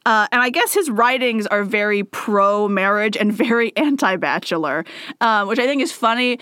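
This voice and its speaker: A woman's voice: mid-range voice, expressive, normal speed, sharp tone, clear, resonant tone, no echo. Chatty woman, dry close sound. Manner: chatty, storytelling, many "like" fillers. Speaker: podcast host. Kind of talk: casual chat.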